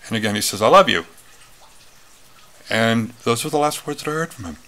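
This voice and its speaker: A man's voice: mid-range voice, lively intonation, brisk, bright, forceful tone. A man telling a personal story in a casual talk, rambling with many fillers and restarts. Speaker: retreat speaker.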